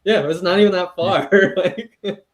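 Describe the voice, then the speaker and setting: A man's voice: sits high, fairly even intonation, unhurried. A man from Canada, a podcast host, telling a loose, rambling anecdote with fillers. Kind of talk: casual chat.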